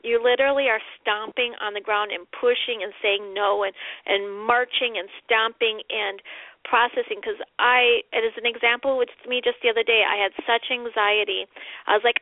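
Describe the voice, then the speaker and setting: A woman guest on a radio interview, earnest and halting with lots of fillers and restarts, heard over the phone. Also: a little high, fairly even intonation, no echo. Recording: tinny phone line, dry.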